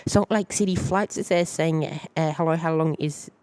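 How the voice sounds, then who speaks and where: A man's voice: fairly high pitch, steady tone, moderate pace, a little mellow, clean tone, no echo. A man with an Australian accent hosting a live plane-spotting stream, rambling loosely and greeting viewers by name.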